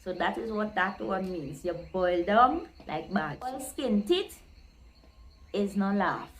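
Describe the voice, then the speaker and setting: A woman's voice: medium pitch, a little slow, a little hiss or hum, low-quality recording. Woman, vlog host, easygoing explainer who spells out each saying, mid-range voice. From Guyana. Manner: explains step by step, acting out quoted lines with lively voice shifts.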